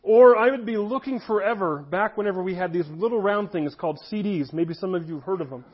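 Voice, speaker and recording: A man in his thirties delivers a sermon in an easy, conversational way. His voice sits high for a man. The recording sounds dull and lo-fi. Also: fast, slightly rough. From United States. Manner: conversational preaching, shifts into voiced anecdotes. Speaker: pastor. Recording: dull lo-fi audio.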